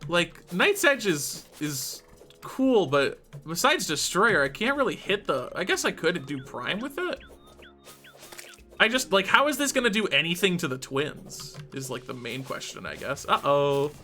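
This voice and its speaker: A streamer talking through a video game live, swinging between excited shouts and quiet muttering. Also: mid-range voice, unhurried, faint music behind. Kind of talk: live gameplay commentary.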